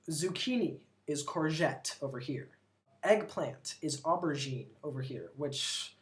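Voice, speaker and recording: An American vlogger living in Britain, rambling casually and talking with lots of "like" and strong opinions. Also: medium pitch. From United States. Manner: chatty, rambling, full of "like", opinionated. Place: lives abroad in Britain.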